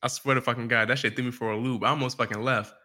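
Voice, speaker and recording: A man co-hosting a podcast, spinning a laid-back story in slang-heavy casual chat. His voice is bright and forceful, with a medium pitch. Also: fairly even intonation, racing. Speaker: podcast co-host.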